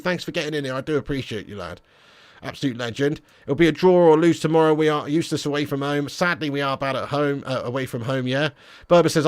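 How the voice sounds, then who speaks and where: A man hosting a football fan livestream, reading viewer comments with excitable, teasing banter. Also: fairly high pitch. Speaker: football fan channel streamer. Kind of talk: live stream chat, reading viewer comments.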